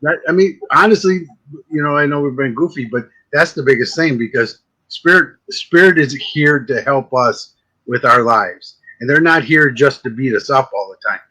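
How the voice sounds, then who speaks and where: A man, a psychic medium guest, chatting casually and telling jokey stories with quick asides. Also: medium pitch, sharp tone, low-quality recording. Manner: joking storyteller, quick asides. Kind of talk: casual chat.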